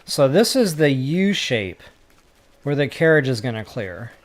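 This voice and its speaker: A man giving casual gameplay commentary for a building tutorial, chatty and self-mocking as he thinks out loud. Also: medium pitch, sing-song, unhurried. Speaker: gaming tutorial creator.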